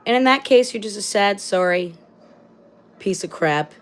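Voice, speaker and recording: This livestream host has a clear, resonant, medium-pitched voice and speaks a little slowly. She delivers a furious, profane, no-nonsense rant, circling back to the same rhetorical phrases again and again.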